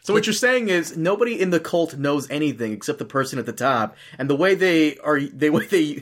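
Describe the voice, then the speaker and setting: A man with a slightly higher voice chatting casually on a review podcast. His manner is teasing and laid-back. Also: lively intonation, a little fast, a bit bright. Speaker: podcast co-host.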